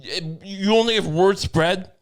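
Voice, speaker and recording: A man's voice: sits high, unhurried, clean tone. A man co-hosting a comedy podcast, riffing in a rambling, profane way with absurd jokes. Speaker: podcast co-host. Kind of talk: casual comedic podcast banter.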